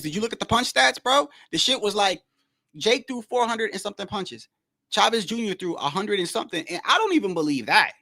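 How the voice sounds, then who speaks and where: A man hosting his own boxing channel, talking in a loose, animated rant that stumbles, repeats itself and swears. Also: on the high side. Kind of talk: casual commentary.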